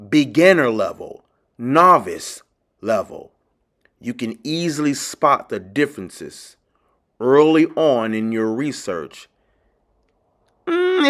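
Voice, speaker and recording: A man hosting a lecture-style video lesson, emphatic and insistent, repeating key phrases and speaking straight to his viewers. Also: medium pitch. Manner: addresses viewers directly as ladies and gentlemen. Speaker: teacher and channel host.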